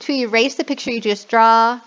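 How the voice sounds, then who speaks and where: A woman's voice: fairly high pitch, steady tone, normal speed, fairly bright tone, highs cut off. A woman walking new online teachers through a classroom platform, often checking in with "okay?" and slipping into a bubbly sing-song voice for kids. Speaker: online English teacher trainer. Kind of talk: screen-share tutorial.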